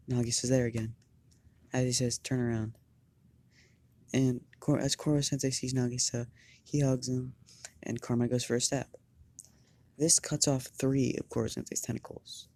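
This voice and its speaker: A fan storyteller improvising a story narration, halting and often repeating words. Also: mid-range voice, a little mellow, no echo.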